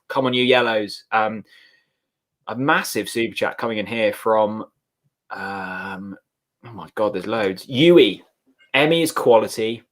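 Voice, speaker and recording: Chatty stream host reading messages. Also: male voice, fairly low pitch, fairly bright tone. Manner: chatty, reads out super chats with banter. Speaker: host of a fan watchalong stream. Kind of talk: casual chat reading viewer messages.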